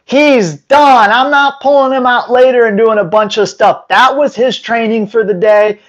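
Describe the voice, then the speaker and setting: A man's voice: extremely high pitch, highs cut off. A man giving dog training advice straight to his viewers in an emphatic way, now and then acting out owners and dogs. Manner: emphatic, acts out owners and dogs in quick voices. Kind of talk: direct-to-camera training advice.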